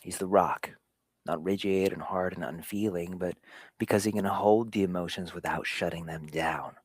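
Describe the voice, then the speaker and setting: Male host, earnest fatherhood talk, lower pitch, dynamics from hushed to emphatic, dry sound. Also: fairly even intonation, normal speed, slightly rough, no room sound. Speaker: show host.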